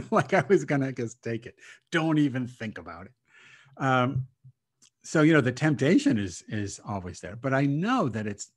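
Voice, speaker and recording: A rabbi speaking as a guest on a video call, reflective and hesitant, laughing often between thoughts. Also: male voice, mid-range voice, big pitch swings, normal speed, breathy edge. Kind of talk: casual spiritual talk over video call.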